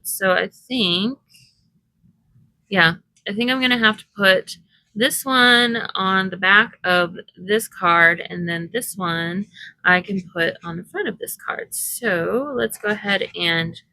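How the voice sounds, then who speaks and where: A woman narrates her crafting in an easy, unhurried way, musing aloud as she decides where each piece goes. Her voice is bright with a gravelly fry running through it, and she takes her time over every phrase. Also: medium pitch, low-quality recording. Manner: chatty, thinking aloud while working, soft laughs. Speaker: crafting vlogger. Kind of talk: casual crafting commentary.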